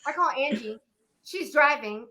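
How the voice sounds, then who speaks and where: A woman author on a panel, telling an animated story, mimicking voices and laughing. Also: sits high, a little slow.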